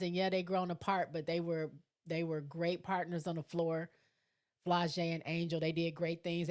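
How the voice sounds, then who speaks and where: A woman hosting a live chat show, reading viewer comments and answering them casually, clearing her throat often. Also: on the low side. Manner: chatty, reacts to each comment.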